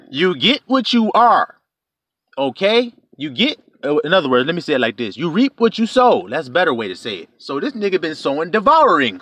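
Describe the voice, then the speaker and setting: Man, playful laughing preacher; higher voice, dry. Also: no echo. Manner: animated, laughing, playful sing-song asides. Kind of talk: informal sermon.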